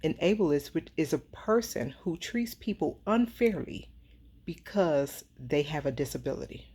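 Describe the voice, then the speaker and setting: Heated woman w/ ranting at her followers, low-ish voice, keeps repeating herself. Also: lively intonation, a little slow, warm tone, breathy edge. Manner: heated, worked up, emphatic repetition. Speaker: social media commentator. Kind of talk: casual commentary monologue.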